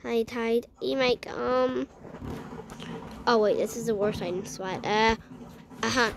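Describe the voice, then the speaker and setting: A woman playing a game and chatting to viewers, excitable and talking to herself, often dropping to a hushed whisper. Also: fairly high pitch, slow pace, creaky, background noise. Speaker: gaming vlogger.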